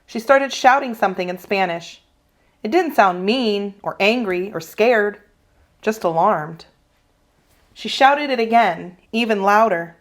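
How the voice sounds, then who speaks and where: A woman teacher reading a children's novel aloud in a steady, expressive storytelling voice. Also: mid-range voice. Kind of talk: children's read-aloud narration.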